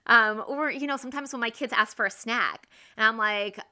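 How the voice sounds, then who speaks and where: A woman in her thirties hosting a casual, faith-based parenting talk, earnest and quick to act out her own everyday examples. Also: a little high, bright, forceful tone. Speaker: podcast host and mother.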